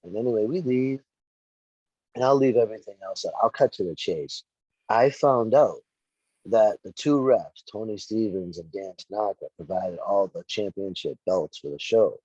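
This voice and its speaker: Brief: middle-aged man, low and husky, animated storyteller voicing every quote, dry muffled podcast sound. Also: moderate pace, dry recording. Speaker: wrestling referee and podcast guest. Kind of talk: casual storytelling chat.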